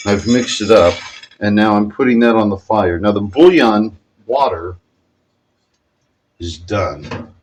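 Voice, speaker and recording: Speaking slowly with long pauses, this man has a lowish, expressive voice. He's a cooking vlogger giving a casual demonstration at home, chatty and rambling, often correcting himself. The recording is rough, with slight background noise.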